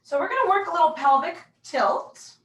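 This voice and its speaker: A woman's voice: very high voice, moderate pace. Woman pilates teacher, casual and self-mocking, recorded far from the mic in a roomy space. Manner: casual, self-deprecating, calm cueing. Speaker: pilates instructor. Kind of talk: guided workout instruction. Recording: echoey room, mic far off.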